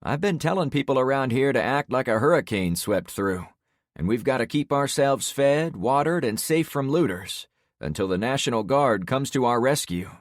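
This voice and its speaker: A man's voice: mid-range voice, lively intonation, moderate pace, no echo, clean studio sound, voice pushed up, natural voice. A man voicing a sweaty, friendly middle-aged neighbor man in a plain-spoken, chatty way for an audiobook. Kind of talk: audiobook character voice.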